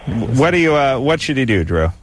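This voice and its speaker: A man's voice: medium pitch, big pitch swings, normal speed, a little hiss or hum. A man hosting a late-night radio call-in show, joking and ribbing his guest. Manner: joking, wisecracking. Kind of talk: casual radio talk.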